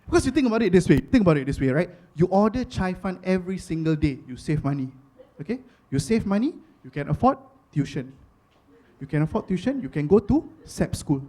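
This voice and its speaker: A stand-up comedian with a Singaporean accent and a fairly high man's voice. He talks in a chatty, conversational rhythm, loops back on his own phrases and punches them harder each time. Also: brisk. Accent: Singaporean English. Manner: animated, chatty, rhetorical repetition.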